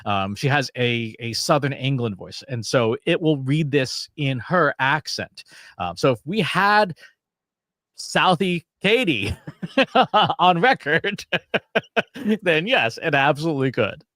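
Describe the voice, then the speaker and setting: A man co-hosting a casual chat, demoing software in a loose, chatty way with many fillers. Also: medium pitch, expressive, a little slow, dry recording, studio quality. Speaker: co-host. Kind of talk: casual chat with tool demos.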